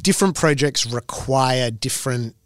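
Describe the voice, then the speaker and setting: A singer-songwriter chats loosely in an interview, often stopping and restarting mid-thought. The recording is close and dry with no room sound. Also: male voice, mid-range voice, moderate pace, fairly bright tone, no room sound. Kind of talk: casual interview answers.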